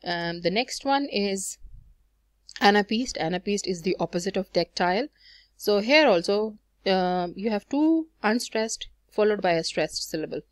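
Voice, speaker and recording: A woman's voice: medium pitch, expressive, measured pace, no room sound, studio quality. A woman teaching a lesson on poetic meter, explaining patiently with frequent fillers and self-corrections. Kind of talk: recorded lecture on poetry.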